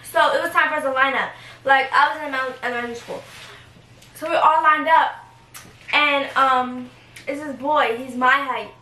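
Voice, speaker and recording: A young woman vlogger with a high-pitched, sharp voice tells a story casually and ramblingly, giggling and using fillers. She keeps a steady tone at normal speed but pauses often. The recording has an echoey room sound, faint noise, and a camera placed at a distance.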